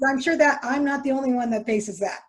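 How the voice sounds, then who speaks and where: A woman's voice: high voice, brisk, a little hiss or hum. A woman hosting a podcast interview, chatty and casual, talking with fillers and restarts. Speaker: podcast host.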